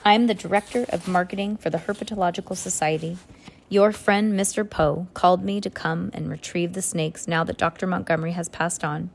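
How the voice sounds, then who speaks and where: A woman's voice: fairly low pitch, fairly even intonation, brisk, creaky. Woman putting on a beaming chubby salesman. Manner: beaming, breezy. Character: Bruce, chubby cheerful marketing man.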